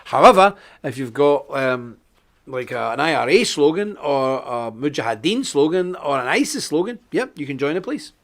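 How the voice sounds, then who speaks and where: Animated ranting Scottish man. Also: fairly high pitch, moderate pace. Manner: animated, indignant ranting with sarcastic asides. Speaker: host. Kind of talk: live online commentary.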